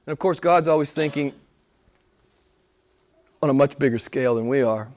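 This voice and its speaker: A middle-aged man, a pastor preaching a sermon, swinging from loud emphatic lines to soft low asides. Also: normal speed.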